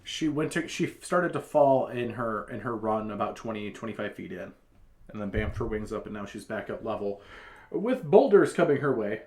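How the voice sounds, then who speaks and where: A man's voice: lowish voice, lively intonation, moderate pace, a little mellow. A man narrating scenes and outcomes as the game master of a tabletop role-playing game.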